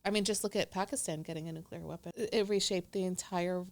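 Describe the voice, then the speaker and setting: A woman's voice: on the low side, fairly even intonation, fast, a little mellow. Woman host asking questions. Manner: inquisitive, interjects short replies. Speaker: interview host. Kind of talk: conversational interviewing.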